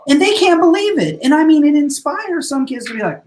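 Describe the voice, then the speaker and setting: A man's voice: extremely high pitch, lively intonation, moderate pace, few pauses, a little mellow, slight background noise. A man who works as a school principal, telling earnest stories in a casual podcast conversation and acting out what his students say. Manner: earnest storyteller, acts out quotes of students.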